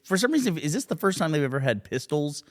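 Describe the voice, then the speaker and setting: A man's voice: fairly high pitch, quick pace. A man co-hosting a podcast, telling stories in casual chat and laughing often. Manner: animated storytelling, laughing often, mocking voices for quotes. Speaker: podcast co-host.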